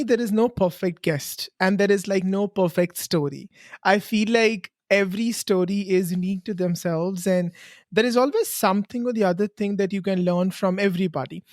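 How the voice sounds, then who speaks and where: A woman's voice: medium pitch, moderate pace, darkish tone, no echo, clean studio sound. A woman with an Indian accent, a podcast host talking earnestly and encouragingly about her show in a casual interview. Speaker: podcast host answering as guest.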